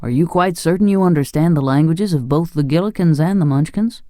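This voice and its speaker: A man's voice: a little high, fairly quick, warm tone, dry recording, studio quality, lightly acted. Man voicing a fussy straw-stuffed king. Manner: fussy and lofty. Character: pompous but kindly straw-stuffed king. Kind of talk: audiobook character voice.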